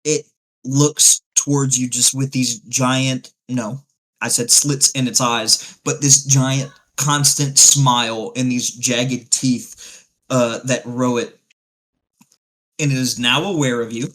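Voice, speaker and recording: A man's voice: medium pitch, fairly even intonation, slow, fairly bright tone, poor audio. A man narrating a tabletop game as game master, in a loose, rambling way with many fillers.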